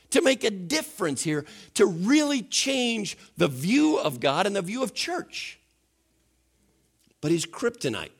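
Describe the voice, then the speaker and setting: A man preaching a sermon as pastor in a church, animated and asking the congregation questions. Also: high voice, gravelly, breathy edge.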